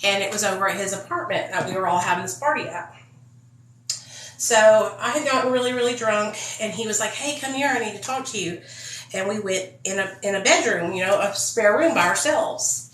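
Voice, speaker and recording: A young woman telling a profane, animated storytime vlog full of quoted dialogue. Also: medium pitch, brisk, reverberant, distant mic, low-quality recording. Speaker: vlogger.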